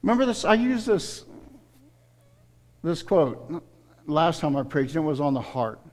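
A man's voice: a little high, very animated, unhurried, a little mellow. A middle-aged man preaching a sermon to his congregation, earnest and emotional, appealing directly to his listeners. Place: church sanctuary. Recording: long hall reverb.

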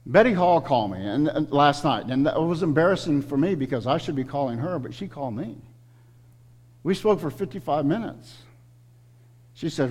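A man's voice: mid-range voice, expressive, normal speed, pauses often. Earnest male preacher in a reverberant hall. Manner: earnest, emotional, direct appeals to the congregation. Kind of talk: sermon. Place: church sanctuary.

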